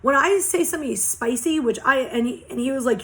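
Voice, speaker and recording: A woman's voice: high-pitched, expressive, fast talker, a bit bright. A young woman giving a casual oracle card reading, talking passionately and bluntly with lots of swearing. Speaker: tarot reader.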